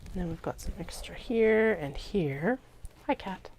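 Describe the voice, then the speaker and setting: Woman host, unhurried and lowish, chats and mutters to herself at her craft table; relaxed, thinking out loud. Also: vocal fry, a little hiss or hum. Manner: chatty, laid-back, drifts into soft whispers. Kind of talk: casual talk while working.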